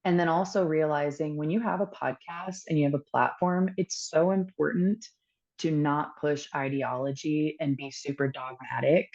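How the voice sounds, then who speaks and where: A woman with a notably low voice speaks as a podcast guest, telling a candid personal story. She is earnest and reflective, pausing often and filling gaps with ums. The recording is dull and lo-fi. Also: fairly even intonation, darkish tone. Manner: earnest, reflective, with many pauses and fillers.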